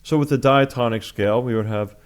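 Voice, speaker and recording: Man patiently teaching chant, very clear voice. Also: medium pitch, a little fast. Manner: patient step-by-step explaining. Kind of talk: music lesson, explaining and demonstrating chant.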